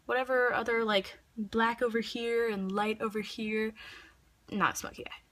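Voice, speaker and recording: A woman's voice: on the high side, level tone, moderate pace, a bit bright. A young woman ranting in a vlog, heated and profane, rambling with lots of filler words. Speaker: makeup vlogger.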